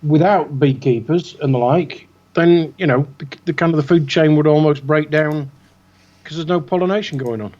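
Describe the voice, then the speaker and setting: A man's voice: a little high, moderate pace, darkish tone. A man co-hosting a casual chat show, rambling and chatty with plenty of fillers. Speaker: co-host. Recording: dull lo-fi online call audio.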